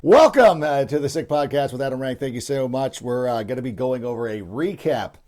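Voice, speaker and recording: A man's voice: mid-range voice, a little fast, warm tone. A middle-aged man hosting a sports podcast, talking casually and rambling with many restarts. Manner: rambling, frequent restarts and fillers. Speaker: podcast host.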